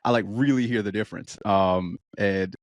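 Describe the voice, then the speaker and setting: A man from New York, a podcast guest chatting casually, animated, laughing often and acting out quoted voices. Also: lowish voice, normal speed, no echo. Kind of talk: casual chat.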